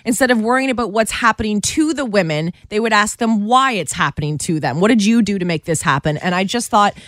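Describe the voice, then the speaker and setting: A woman's voice: mid-range voice, animated, brisk, fairly bright tone, no room sound, clean studio sound. Chatty woman on morning radio. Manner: chatty, emphatic. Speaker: radio morning show co-host. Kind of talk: casual radio chat. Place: radio studio.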